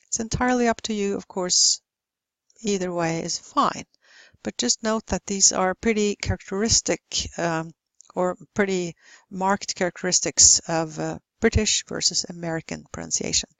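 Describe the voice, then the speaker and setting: A woman giving a recorded slide lecture on pronunciation, explaining calmly and modelling example words one at a time. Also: mid-range voice, moderate pace, no echo.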